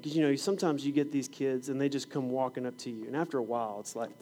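Very fast, with hardly any pauses, a middle-aged man speaks in a mid-range voice over a little hiss or hum. A preacher and fifth grade science teacher, he tells classroom stories in his sermon and animatedly acts them out.

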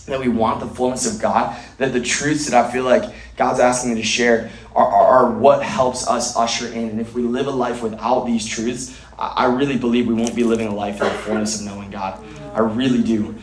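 A man's voice: mid-range voice, level tone, fairly quick, roomy sound, slight background noise, rough recording. A man preaching a sermon at a church gathering, earnest, often restarting and repeating words.

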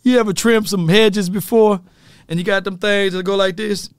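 A man's voice: high-pitched, steady tone, moderate pace, smooth, no echo. A man ranting animatedly about football as a fan commentator, laughing at himself.

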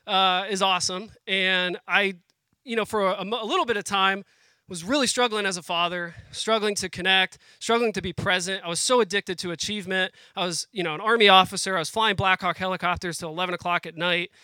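Man, 30s, guest preacher; high, sharp voice, earnest talk to the crowd, emotion close to the surface. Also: fairly even intonation, clean tone, no room sound. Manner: earnest, conversational preaching, addresses the crowd as "guys"; emotional, pauses and restarts as he speaks. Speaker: guest speaker at a family worship program. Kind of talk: sermon.

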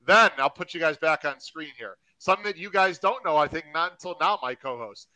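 A man's voice: fairly high pitch, lively intonation, fairly quick, pushed and bright, dry recording, poor audio. A man hosting a live podcast, talking in an upbeat, hype-building way. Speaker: podcast host.

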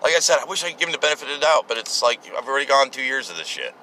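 A man's voice: mid-range voice, big pitch swings, rapid-fire, pushed and bright, slight background noise, rough recording. A man giving casual, sarcastic political commentary, ranting with profanity and exasperation.

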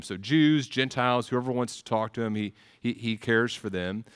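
A man's voice: medium pitch, expressive, normal speed, smooth. A man preaching a sermon as a pastor, earnest, often repeating words as he starts phrases.

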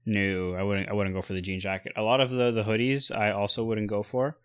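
A man co-hosting a casual chat about sneakers and streetwear, relaxed, with lots of fillers and restarts. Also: on the low side, brisk, no room sound. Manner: relaxed, many fillers and restarts, giving buying advice.

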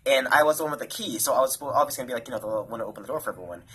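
A man's voice: mid-range voice, very fast, sharp tone, husky, poor audio. A young man telling a story in casual chat among friends, rambling and peppering his sentences with "like". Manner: rambling, heavy use of "like".

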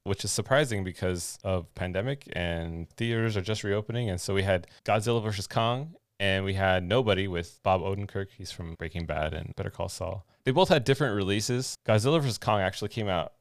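A man co-hosting a podcast, chatting casually about new movies in a relaxed, conversational way. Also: sits low, fairly quick, hardly any pauses, dry recording, studio quality. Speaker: podcast co-host.

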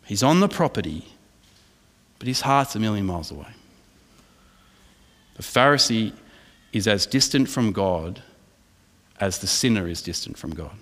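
A man's voice: on the low side, sing-song, moderate pace, long pauses, fairly bright tone, in a large hall. A man with an Australian accent preaching an emphatic sermon as pastor, asking the congregation questions.

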